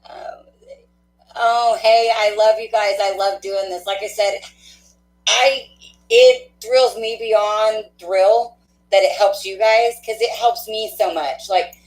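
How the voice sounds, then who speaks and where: A woman hosting a spiritual card-reading livestream, chatting warmly and laughing often, with a stuffy nose. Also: mid-range voice, steady tone, slow, faint music behind. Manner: affectionate, chatty, laughs often, many fillers. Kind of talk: casual livestream sign-off chat. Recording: echoey room.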